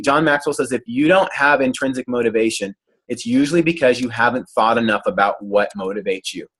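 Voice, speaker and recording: Earnest man coaching on a video call. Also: medium pitch. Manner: earnest, animated when imitating excitement. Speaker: health coach leading a group call. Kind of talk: motivational coaching talk.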